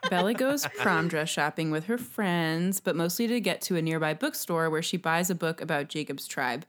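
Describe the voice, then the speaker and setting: A woman host running through a film's plot in a casual podcast chat. Her delivery is dry and wry, sitting on the lower side. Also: animated, normal speed.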